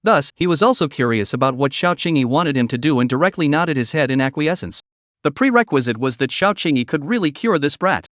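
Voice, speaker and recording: A man reads a comic recap in a steady, even voice, speaking a little fast. His voice is a little high for a man, and the recording is dry and close-miked, with no room sound or echo.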